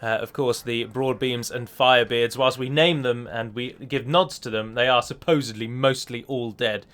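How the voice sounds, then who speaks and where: Bright-voiced man explaining gameplay. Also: mid-range voice, steady tone, normal speed. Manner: chatty, self-correcting, explaining step by step. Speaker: mod developer. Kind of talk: gameplay voice-over walkthrough.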